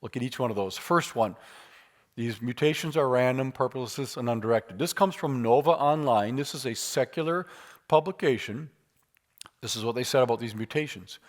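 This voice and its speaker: A man at a church teaching apologetics with emphasis and easy humor. His voice sits at an ordinary middle pitch, and he leans hard on the words he wants the room to remember. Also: moderate pace. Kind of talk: lively church lecture.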